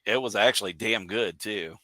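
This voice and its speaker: A man's voice: fairly low pitch, moderate pace, pushed and bright, no room sound. A man co-hosting a podcast, giving short, easygoing replies with chuckles. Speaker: podcast co-host. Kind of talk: casual chat.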